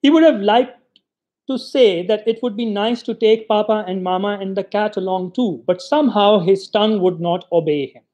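Male literary reader, high register, expressive storyteller. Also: moderate pace. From Pakistan. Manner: expressive storytelling, voices the quoted lines. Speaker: reader of short stories. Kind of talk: literary reading.

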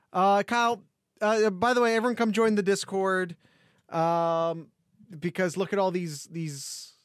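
A man's voice: a little high, no echo, clean studio sound. A man co-hosting a casual sports podcast over a call, joking and rambling with many restarts. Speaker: podcast co-host. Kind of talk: casual chat.

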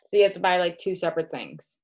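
A Midwestern American woman with a lowish, darkish voice talks quickly and with lively intonation, and the audio is poor. As a direct sales consultant, she chats casually in a home video demo while showing products and calling the listener "girl."

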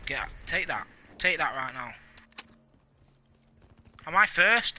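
A man's voice: fairly high pitch, animated, slow pace, pauses often, pushed and bright, slight background noise. A man streaming a video game live, hyped and boastful, trash-talking and joking with his chat. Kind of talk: live gaming stream banter.

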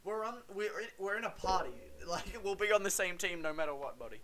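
A young British man hosting a gaming video, excitable, swearing, yelling and laughing. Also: high voice, a little fast, a little hiss or hum. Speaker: gaming channel host. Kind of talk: casual gaming banter.

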